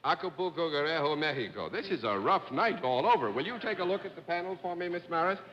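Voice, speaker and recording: A man moderating a live panel game show, brisk and genial, calling on panelists and keeping score. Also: fairly high pitch, animated, muffled recording. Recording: old TV broadcast, hall, audience noise.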